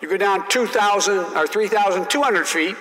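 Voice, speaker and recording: A folksy old male senator with a Louisiana accent stammers as he explains, patient and pleased with himself, as an older man puts him on. The voice rides higher and louder than the teller's own and has a bright edge. A long hall reverb trails each phrase. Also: moderate pace.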